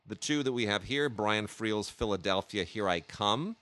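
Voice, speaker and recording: Bright-voiced, eager male film show host. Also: lowish voice, normal speed, no echo. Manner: enthusiastic, with many hesitations and restarts. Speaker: podcast host reviewing film releases. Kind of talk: casual chat.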